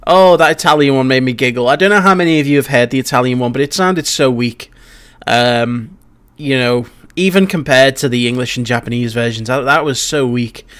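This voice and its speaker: A YouTube reaction host with a mid-range, slightly bright voice and a clean tone talks a little fast. He gives his opinions bluntly and chattily, often restarting his sentences.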